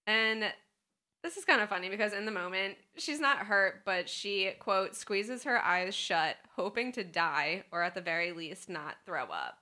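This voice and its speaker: Giggly bright-voiced woman recapping a book. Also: mid-range voice, expressive, measured pace. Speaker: podcast co-host. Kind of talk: casual chat, book recap.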